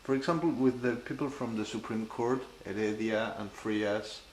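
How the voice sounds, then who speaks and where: Man asking halting questions. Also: mid-range voice. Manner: halting questions with frequent restarts. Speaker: interviewer. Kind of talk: oral history interview. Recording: echoey room with faint hiss.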